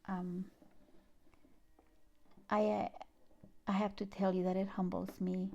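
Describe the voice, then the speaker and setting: A woman with a foreign accent speaks in a soft, unhurried, heartfelt way. Her tone is warm and mellow, with a gravelly edge of vocal fry. She shares inspirational thoughts and reads poetry aloud, sometimes dropping into hushed asides. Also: medium pitch, dull audio. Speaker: spiritual channel host. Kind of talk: gentle inspirational talk and poem reading.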